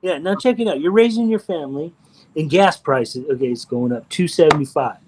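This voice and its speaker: A man's voice: fairly high pitch, expressive, brisk, darkish tone, poor audio. Blunt, profane middle-aged man chatting. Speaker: livestream host. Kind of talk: casual chat.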